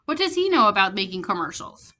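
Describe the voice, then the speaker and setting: A woman's voice: mid-range voice, very animated, fast talker, sharp tone. A woman reading a skeptical young schoolboy. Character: curious grumbling schoolboy around nine.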